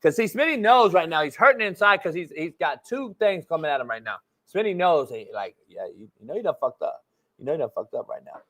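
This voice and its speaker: Loud sports show host guy, high-ish voice, swears a lot, keeps cutting in. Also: big pitch swings, quick pace. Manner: blunt, profane, repeats himself when interrupting. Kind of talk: heated sports debate.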